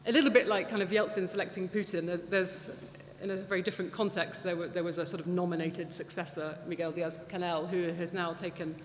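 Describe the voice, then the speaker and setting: Female guest speaker, lively storyteller, echoey hall sound. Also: on the low side, fairly quick, hardly any pauses. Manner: chatty, animated, many restarts and fillers. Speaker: guest speaker at a public talk. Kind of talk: anecdotal lecture with audience Q&A. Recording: echoey hall, faint background noise.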